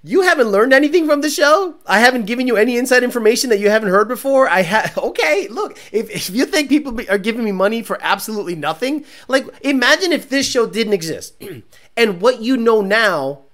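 A man's voice: very high voice, lively intonation, fairly quick, fairly bright tone. A man hosting a car show stream, reading viewer comments aloud and ranting in a mocking, profane, casual way. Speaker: car show host reading live chat.

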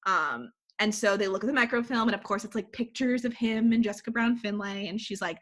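A woman's voice: mid-range voice, fairly quick, hardly any pauses. Podcast co-host, woman, mid-range voice, breezy plot recap full of "like". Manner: animated storyteller, heavy use of "like". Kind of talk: casual chat, retelling a movie plot.

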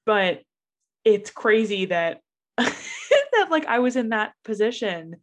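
A woman's voice: on the high side, huge pitch swings, slow. Young adult woman, casual chat, filler-heavy, conversational. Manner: chatty, many fillers like "like".

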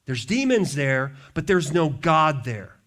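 A man preaching a sermon, reading scripture aloud and breaking off into joking asides, swinging from hushed to loud. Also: a little high, big pitch swings, takes it slowly. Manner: reads scripture then riffs with humor and asides. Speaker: pastor.

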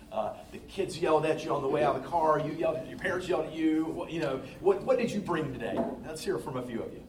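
A man's voice: medium pitch, echoey room, recorded from a distance, noisy background. Folksy man in his fifties preaching. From Southern US, North Carolina. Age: 50s. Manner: folksy, engaging the audience. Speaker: pastor, guest speaker. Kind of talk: talk to a congregation. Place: church sanctuary.

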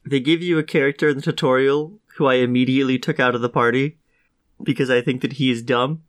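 A man's voice: mid-range voice, fairly even intonation, fast, smooth. A man co-hosting a casual podcast chat, sick with a cough, telling stories in a dry, wry way. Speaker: podcast co-host.

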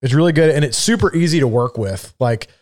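A young man with a stuffy sinus infection co-hosts a casual live stream. He talks in relaxed, profane banter and keeps things easygoing. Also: medium pitch, brisk. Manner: profane, laid-back banter. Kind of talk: casual chat.

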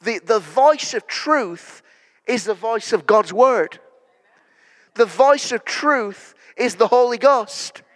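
A man in his thirties preaching a sermon in a church, telling stories that build to loud declarations. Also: very high-pitched, animated, slow pace. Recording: long church hall reverb.

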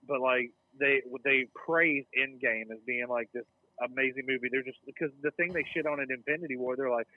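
A man's voice: medium pitch, a little fast, few pauses, dry recording, phone-quality sound. A man co-hosting a casual podcast chat, swearing freely and getting worked up as he talks. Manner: excitable, profane, gets worked up. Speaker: podcast co-host.

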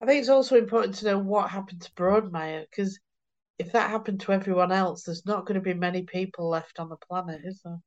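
A woman's voice: mid-range voice, fairly quick. A woman on a book-club podcast, sharing thoughts and ending on tag questions. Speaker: podcast co-host. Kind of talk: casual book-club chat. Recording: dull lo-fi sound.

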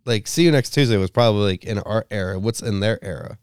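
A man's voice: on the low side, fast, smooth, dry recording, clean studio sound. A man chatting casually with friends, dropping wry remarks and short questions. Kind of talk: casual chat.

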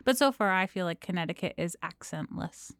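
A young woman from New Jersey co-hosting a podcast, chatty, filling pauses with "um.". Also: on the low side, expressive, gravelly, a bit bright, no room sound, clean studio sound. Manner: chatty, with frequent "um" and light laughs. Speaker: podcast co-host. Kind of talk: casual chat.

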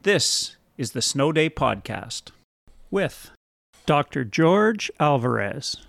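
A man's voice: fairly high pitch, very animated, slow pace, creaky, a bit bright, no echo. A man hosting a podcast in a casual, easygoing way, with a wry edge. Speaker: podcast host.

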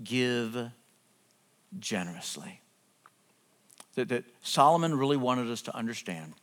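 A middle-aged man preaching a sermon earnestly, often dropping to hushed, drawn-out words for emphasis. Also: medium pitch, sing-song. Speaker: pastor. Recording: long hall reverb, faint music behind.

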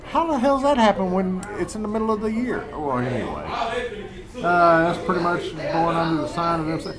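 Man, casual host, teasing and halting reader, slightly high lively pitch, crowd noise behind. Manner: teasing, reads aloud haltingly. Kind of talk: casual banter.

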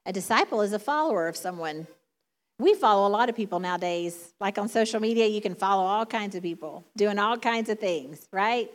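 A woman's voice: medium pitch, fairly quick. A middle-aged woman preaching a sermon in a chatty, conversational way, laughing often.

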